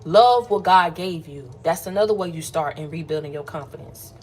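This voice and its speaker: A woman's voice: fairly low pitch, normal speed. Playful chatty woman streamer. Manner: playful, chatty, calls listeners "baby" and "y'all". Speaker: motivational livestream host. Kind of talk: casual late-night livestream pep talk.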